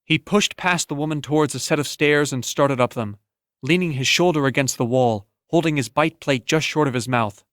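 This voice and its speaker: A man narrating an audiobook in a steady, even storytelling manner, close to the mic. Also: on the high side, normal speed, no echo. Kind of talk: scripted narration.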